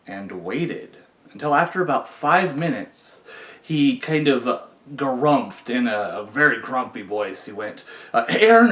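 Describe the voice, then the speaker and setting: Brief: middle-aged male storyteller, wry and easygoing, mid-pitched voice, echoey room. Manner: relaxed, wry, conversational. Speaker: storyteller, former prisoner. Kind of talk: casual spoken storytelling.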